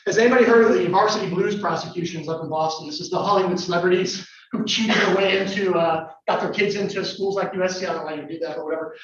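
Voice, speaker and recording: A man's voice: sits high, quick pace, hardly any pauses, a bit bright, slight background noise. A man, a lawyer, giving a conversational, wry talk to a live audience and putting questions to them. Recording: echoey room from far off, dull sound.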